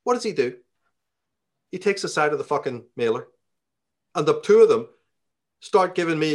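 A man's voice: a little high, expressive, moderate pace, long pauses. A man from Belfast with a Northern Irish accent, telling a story in a casual interview, profane and heated as he rants. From Belfast, Northern Ireland.

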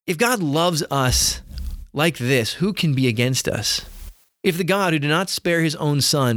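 A man's voice: medium pitch, a bit bright, no echo, clean studio sound. A middle-aged man giving an earnest sermon-style teaching, often repeating words as he starts phrases. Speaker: teacher of faith.

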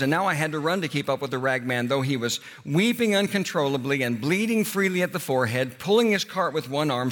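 A man telling a story dramatically, moving from hushed, quiet passages to urgent ones. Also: on the high side. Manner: expressive, swinging from hushed to urgent. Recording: reverberant hall.

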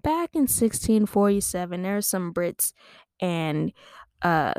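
A woman's voice: lowish voice, sing-song, slow pace, darkish tone, clean tone, no room sound, studio quality. A woman comedian podcasting, making up a silly story in a rambling, giggly, self-amused way. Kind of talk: improvised comic storytelling.

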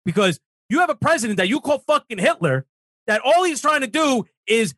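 A man's voice: very high-pitched, sing-song, brisk, a bit bright, dry recording, studio quality. A man on a political talk show, ranting heatedly and swearing emphatically.

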